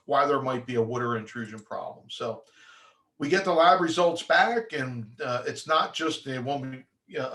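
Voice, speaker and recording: A man's voice: medium pitch, a bit bright. A man talks through mold testing as an inspector, conversational and practical. His delivery is loose, with frequent fillers and restarts. He slips into short mimicked replies from the lab as he goes. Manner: acts out lab replies in quick asides.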